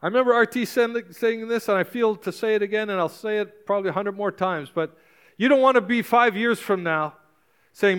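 A man's voice: high-pitched, a little fast, smooth. A male pastor preaching a sermon with passion, urging and exhorting his congregation with repeated calls.

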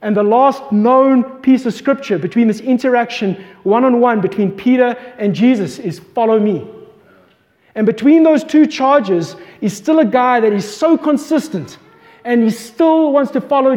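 A man's voice: extremely high pitch, lively intonation, normal speed, a little mellow. A man preaching a sermon, retelling a scripture story with passion and asking his listeners questions. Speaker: pastor. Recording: long hall reverb.

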